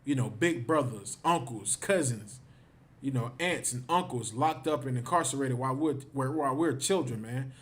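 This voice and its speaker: A man teaches a livestreamed scripture class with a mid-range voice at normal speed. He's emphatic and repeats himself, often ending phrases with "man".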